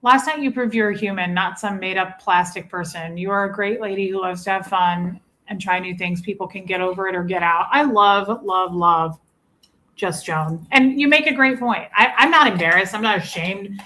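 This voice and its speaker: Co-host, woman in her forties, bright tone, blunt and candid, casual stream chat. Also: medium pitch, moderate pace. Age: 40s. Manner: candid, blunt, swears freely. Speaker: co-host of a livestream. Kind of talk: casual chat reading viewer comments.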